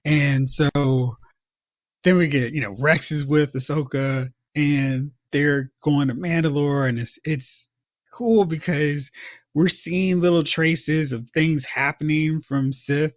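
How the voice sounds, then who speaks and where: A man co-hosting a podcast, casually reviewing a show and acting out characters in quick asides. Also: fairly high pitch, steady tone, no echo. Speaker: podcast co-host. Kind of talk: casual movie review chat. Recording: dull, dry lo-fi sound.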